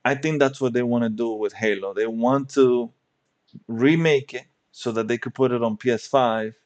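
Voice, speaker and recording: A man with a middle-pitched voice hosts a casual podcast. He talks in a chatty way, thinks aloud and restarts his sentences, and he is on a remote call. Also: normal speed, darkish tone, dull audio. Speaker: podcast host.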